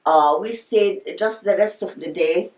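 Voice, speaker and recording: A woman's voice: on the low side, unhurried, a little mellow. Older woman recalling her life, echoey room. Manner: reminiscing, storytelling with quoted voices. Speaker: interviewee. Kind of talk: oral history interview.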